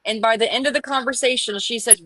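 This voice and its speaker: A woman in a casual livestream chat, telling a story with animated retorts. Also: a little high, fast talker, husky, no room sound, rough recording. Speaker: live stream participant.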